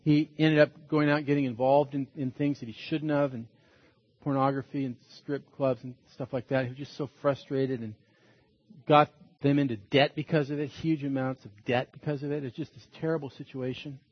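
A man's voice: mid-range voice, little pitch movement, a little fast, no room sound, highs cut off. A man preaching a sermon as a pastor, earnest and emphatic, repeating his points.

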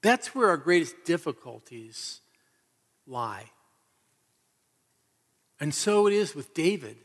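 An earnest male pastor preaching with emphatic, repetitive storytelling. His voice sits a little high for a man, and a long reverb trails it through the church hall. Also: very animated, slow, fairly bright tone. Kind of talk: sermon.

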